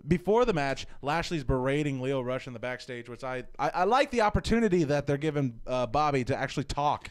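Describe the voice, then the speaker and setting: Lively, joking young man talking wrestling. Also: mid-range voice, fairly quick, few pauses, clear, resonant tone. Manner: jokey, animated, playful teasing. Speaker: podcast co-host. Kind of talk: casual chat about wrestling.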